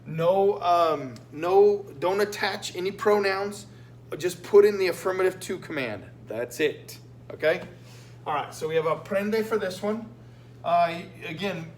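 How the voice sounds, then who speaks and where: A man's voice: fairly high pitch, lively intonation, unhurried. A man teaching Spanish, walking his students through a written exam with patient, repetitive explanations and frequent "okay?" check-ins. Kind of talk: recorded lesson going over a written exam. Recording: echoey room with faint hum.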